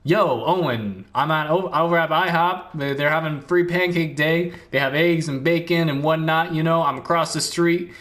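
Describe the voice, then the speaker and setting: Male YouTuber doing a casual drawling caller, low-key bit. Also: normal speed, few pauses, fairly bright tone, close to an everyday voice. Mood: coaxing. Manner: folksy drawl, laid-back. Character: chatty male caller raving about pancakes.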